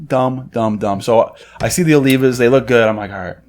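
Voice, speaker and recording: A man's voice: medium pitch, fast, darkish tone. A young man co-hosting a podcast, chatting casually and telling a story in which he acts out what others said with a mocking edge. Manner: storytelling, acting out quotes in a mocking tone. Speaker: podcast co-host. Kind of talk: casual chat.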